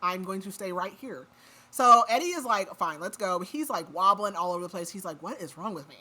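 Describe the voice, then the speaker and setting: A woman's voice: mid-range voice, fairly quick, sharp tone. A woman recapping a book plot on a podcast in a casual, chatty way, with lots of "like" fillers. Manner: chatty retelling full of "like" fillers. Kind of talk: casual chat.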